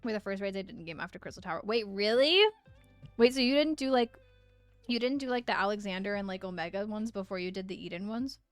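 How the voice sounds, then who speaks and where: A bubbly young woman chatting through a live game stream, giggling often and reading viewer messages aloud. Her voice sits at an ordinary pitch, with soft game music faint behind her. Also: quick pace, clear, resonant tone, no echo. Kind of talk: casual live-stream chat while gaming.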